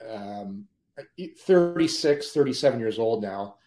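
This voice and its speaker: A man, a former pro hockey player, telling lively anecdotes as a podcast guest and often laughing mid-story. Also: lowish voice, measured pace. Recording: roomy echo.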